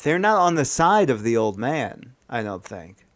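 A man co-hosting a comedy podcast, improvising a horror plot in a rambling, profane, deadpan way. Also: mid-range voice, measured pace, no echo. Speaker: podcast co-host.

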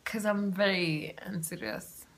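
A young woman, hosting a podcast and telling a personal story in a chatty, animated way with asides and laughter. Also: medium pitch, a little slow, noisy background. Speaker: podcast host. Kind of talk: casual storytelling monologue. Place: home room with open windows.

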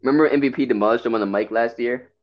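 A man's voice: mid-range voice, racing. A young man giving casual wrestling opinions in a laid-back way, repeating his slang. The sound is a bit dull and lo-fi. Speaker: podcast co-host.

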